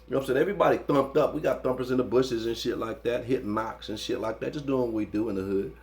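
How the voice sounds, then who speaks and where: A man's voice: mid-range voice, fast. A man telling a story in an interview, in casual, slangy, profane speech, often adding "you know what I'm saying.". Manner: animated when recounting the fight. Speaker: interview guest.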